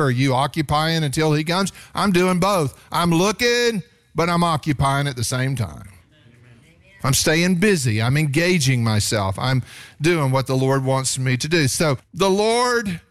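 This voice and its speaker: Animated pastor preaching, man. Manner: animated preaching, pitch rising sharply on emphasis. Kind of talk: sermon.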